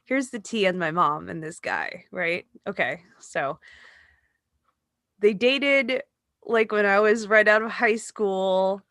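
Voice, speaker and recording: A woman's voice: medium pitch, slow, fairly bright tone, no room sound, clean studio sound. A woman co-hosting a podcast, telling a rambling family story in casual chat. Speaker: podcast co-host.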